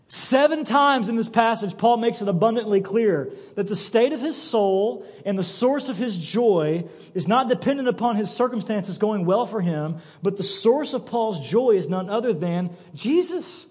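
A male pastor preaching a sermon, telling stories with animated, acted-out quotes. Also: sits high, normal speed, husky. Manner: animated storytelling, acts out quoted voices. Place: church sanctuary. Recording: church sanctuary with long reverb.

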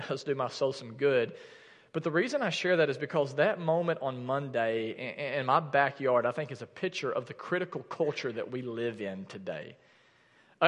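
A man in his thirties preaching a sermon, telling a personal story candidly and often restarting his sentences. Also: a little high. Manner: candid storytelling with many restarts and filler words. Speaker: pastor. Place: church sanctuary. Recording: church hall with long reverb.

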